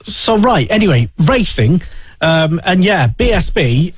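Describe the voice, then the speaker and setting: Husky-voiced man hosting a radio show. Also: sits high, sing-song, measured pace, no room sound. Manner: rambling, hesitant, lots of fillers. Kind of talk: casual motorsport chat.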